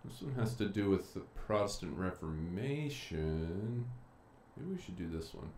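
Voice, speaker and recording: A male teacher with a very low voice talks his students through a live stream, chatty and unhurried as he thinks aloud. His voice carries the echo of a bare room, with a faint hiss behind it. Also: expressive, darkish tone. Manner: chatty, thinking aloud while clicking around. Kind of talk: casual live-streamed lecture. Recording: echoey room with faint noise.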